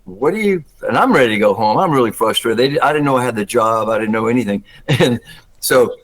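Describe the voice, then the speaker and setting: An older man from Georgia with a Southern accent, telling stories as a guest, acting out quotes with big jumps in pitch and laughing often. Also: expressive, fairly quick, a bit bright, low-quality recording. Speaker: guest actor. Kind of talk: casual storytelling interview.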